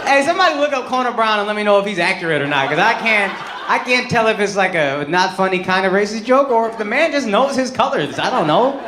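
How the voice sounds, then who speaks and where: Male stand-up comedian, high voice, brash and profane, roomy club, crowd laughing. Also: animated, fast talker, noisy background. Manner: brash, profane, swings from mock outrage to shouting. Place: comedy club stage with a live audience.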